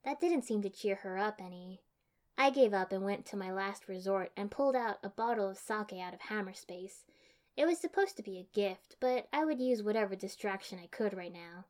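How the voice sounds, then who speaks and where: A woman's voice: medium pitch, normal speed, darkish tone. A woman reading first-person fan fiction aloud in a dry, matter-of-fact manner. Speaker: audiobook reader.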